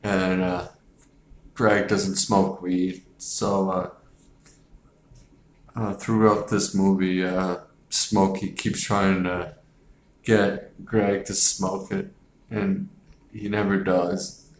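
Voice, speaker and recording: A man casually reviewing a film, halting with many filler words and chuckles. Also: sits low, flat delivery, slight background noise. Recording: echoey room.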